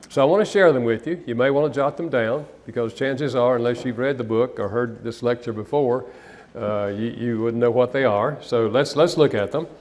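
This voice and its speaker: Older man telling stories. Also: medium pitch. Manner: animated storyteller, acts out quotes. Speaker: speaker and author. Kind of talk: storytelling talk.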